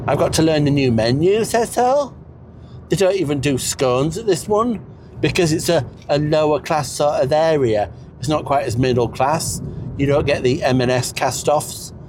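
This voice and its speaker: A man in a comedic character chat, rambling in a deadpan way with snobbish asides. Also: on the high side, normal speed, noisy background.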